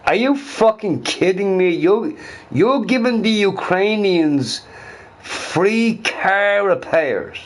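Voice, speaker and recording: Slow-talking, drunk Dublin man ranting. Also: medium pitch, rough recording. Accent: Dublin Irish. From Ireland. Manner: heated, profane, repeats himself. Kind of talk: ranting monologue.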